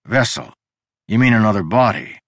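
A man voicing a drunk, gruff, boastful man in an audiobook, loud and blustering with a slurring delivery. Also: on the low side, expressive, moderate pace, dry recording, clean studio sound, pitched above the performer's own voice. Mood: weary curious. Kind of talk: audiobook character reading.

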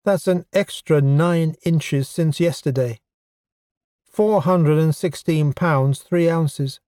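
A man voicing a proud, eager male goblin science officer in an audiobook, lifting his pitch for the character. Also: expressive, takes it slowly, a little mellow, no room sound, clean studio sound.

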